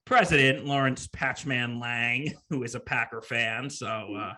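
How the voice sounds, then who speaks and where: A man hosting a sports podcast, chatting casually in an animated, jokey way. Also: mid-range voice, a little slow. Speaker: podcast host.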